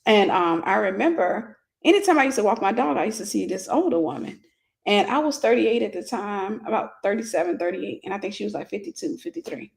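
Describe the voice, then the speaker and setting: Gravelly-voiced woman minister telling stories. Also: medium pitch, expressive, brisk. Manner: casual storytelling, greets viewers. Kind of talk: livestream testimony sermon.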